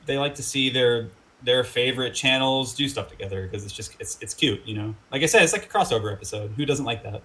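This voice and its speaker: A man talking as a guest in a casual interview, rambling with lots of fillers and animated quotes. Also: mid-range voice, fast talker, few pauses, low-quality recording. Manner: rambling, filler-heavy, animated when quoting people. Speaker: guest musician.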